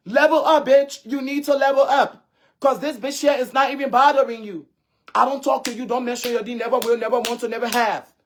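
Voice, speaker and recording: Livestream host, Liberian English accent, confrontational, repetitive rant, phone mic. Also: high-pitched. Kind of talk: ranting livestream monologue.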